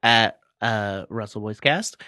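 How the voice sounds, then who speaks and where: A man's voice: fairly low pitch, slow, pushed and bright, clear, resonant tone, no room sound, clean studio sound. A man hosting a podcast with friends, chatting in a casual, joking way. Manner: laid-back, joking. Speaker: podcast host. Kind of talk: casual chat.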